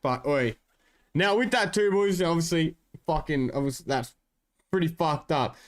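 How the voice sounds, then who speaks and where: A man's voice: a little high, expressive, normal speed. An Australian man streaming, rambling in slangy casual chat with his viewers and swearing a lot.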